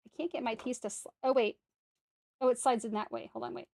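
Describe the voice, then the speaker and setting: A woman's voice: fairly high pitch, fairly even intonation, quick pace, creaky, a little mellow, dry recording. A woman streaming herself building a brick set, chatting casually to viewers and talking to herself as she corrects mistakes. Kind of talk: casual step-by-step build commentary.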